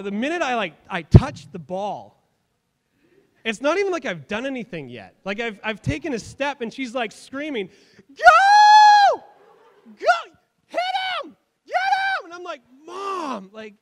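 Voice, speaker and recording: A man's voice: sits high, fairly bright tone. A young man preaching a sermon as a pastor, telling stories in a casual, humorous way. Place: church sanctuary. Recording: long hall reverb.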